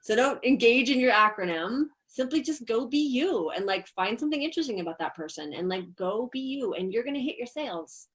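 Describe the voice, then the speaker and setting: A woman's voice: a little high, expressive, a little fast, few pauses, fairly bright tone, rough recording. A middle-aged woman hosting a masterclass discussion, blunt, emphatic and freely profane. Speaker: masterclass host. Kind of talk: casual group discussion.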